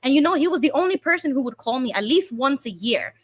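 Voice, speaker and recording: A woman hosting a casual livestream chat, telling stories in an animated way and acting out quoted speech. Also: sits high, fast, dry recording. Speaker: host.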